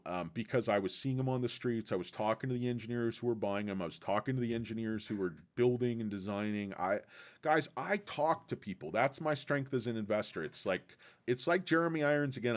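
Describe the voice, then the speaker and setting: Rambling, foul-mouthed male streamer. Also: mid-range voice. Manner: rambling, profane, digressive. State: tired. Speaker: livestream host. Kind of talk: casual livestream chat.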